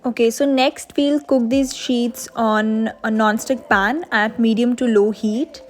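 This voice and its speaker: A woman's voice: fairly high pitch, steady tone, unhurried, soft background music. A young woman, host of a cooking channel, explaining a recipe step by step in a voice-over.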